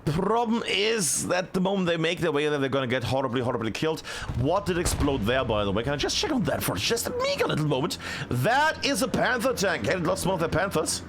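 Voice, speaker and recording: A man casting a competitive video game match live, his voice sitting high and swinging widely as he reacts. He talks in a loose, chatty way, full of fillers, and gets excited when the action heats up. Faint game sounds hum underneath. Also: a little fast. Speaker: esports caster.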